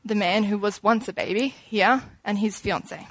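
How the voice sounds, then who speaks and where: A young woman gives an informal sermon, chatty and animated, acting out little scenes as she goes. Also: medium pitch, moderate pace, no echo.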